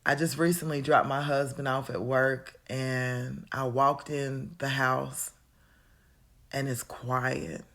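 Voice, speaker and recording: A woman's voice: a bass voice, little pitch movement, takes it slowly, fairly bright tone. A woman in her forties talks at home in a reflective, casual monologue, chatty and calling the listener honey. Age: 40s. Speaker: vlogger. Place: at home, indoors.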